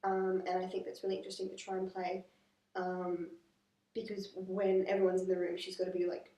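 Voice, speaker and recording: A woman's voice: lowish voice, monotone, brisk, dark tone. An Australian actress chatting casually about her role, joking and using lots of fillers. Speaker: actor. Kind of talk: casual interview. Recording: roomy, distant camera mic.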